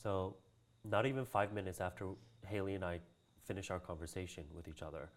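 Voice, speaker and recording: A man's voice: deep voice, a little fast. A man from Hawaii, a cultural practitioner, telling a long personal story in a casual interview, acting out the voices of the people he quotes and laughing often.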